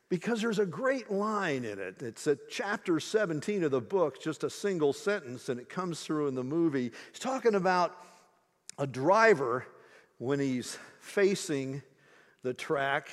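Animated male preacher in a reverberant hall. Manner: animated storytelling with big pitch jumps, then slow, hushed emphasis. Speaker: pastor. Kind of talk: sermon.

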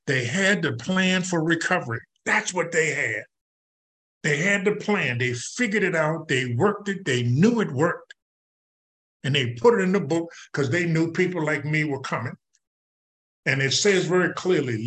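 A man's voice: on the high side, expressive, moderate pace, fairly bright tone. An older man giving a folksy, conversational personal testimony at a recovery meeting, speaking straight to the audience.

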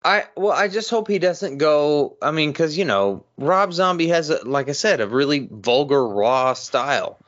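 A man's voice: a little high, lively intonation, fairly bright tone. A man co-hosting a horror podcast in casual chat, laughing often. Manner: laughs often, drawn-out phrasing. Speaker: podcast co-host. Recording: slightly dull podcast audio.

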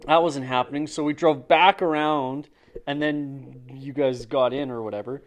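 A man at ordinary pitch chats casually and adds his side of a story. He often stops and restarts his sentences. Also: fairly even intonation. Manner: agreeing, halting recollection with repeated restarts. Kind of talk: casual chat.

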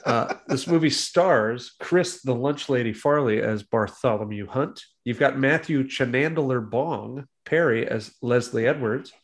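A man's voice: mid-range voice, unhurried, hardly any pauses. Sardonic man defending a movie. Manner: sardonic, defends the film, mock insults. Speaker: podcast co-host reviewing a film. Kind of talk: casual chat.

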